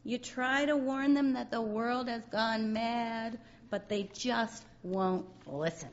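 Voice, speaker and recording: A woman voicing a weary, unheeded cartoon beagle, reading slowly and ruefully from a comic strip in a dull, lo-fi recording. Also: a little high, a little hiss or hum.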